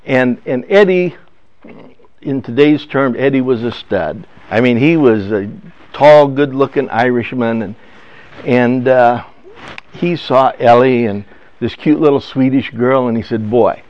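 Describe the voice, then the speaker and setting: An older man with a mid-range voice tells a family story as part of a personal testimony. He's halting and emotional, restarting often. The recording sounds dull and lo-fi.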